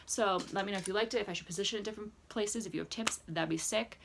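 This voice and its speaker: A woman's voice: mid-range voice, quick pace, vocal fry, background noise. Chatty sarcastic young woman vlogger. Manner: chatty, sarcastic, lots of "like" fillers. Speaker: vlogger recapping a reality dating show. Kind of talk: casual reaction vlog. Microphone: camera mic with ring light, indoors.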